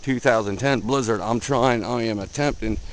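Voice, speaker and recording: A man filming outdoors in a blizzard on a handheld camera, giving excited casual commentary, cold and a bit out of breath. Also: medium pitch, normal speed, a little hiss or hum, poor audio. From Delaware, USA. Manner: excited, repeats himself, calls viewer man. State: out of breath, face numb from cold. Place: outdoors in a blizzard, wind and snow. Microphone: handheld camera mic.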